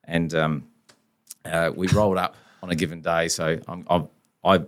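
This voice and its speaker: A man's voice: sits low, normal speed. An Australian man, a company founder, telling blunt, colloquial stories as a podcast guest. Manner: blunt, colloquial, animated anecdotes. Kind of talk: casual storytelling.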